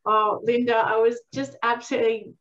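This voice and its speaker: A woman's voice: on the high side, level tone, moderate pace, a bit bright, a little hiss or hum. Effusive woman hosting over a dull call. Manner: enthusiastic, effusive, laughs often. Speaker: book launch host. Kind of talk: moderating a Q&A. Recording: dull lo-fi video call audio.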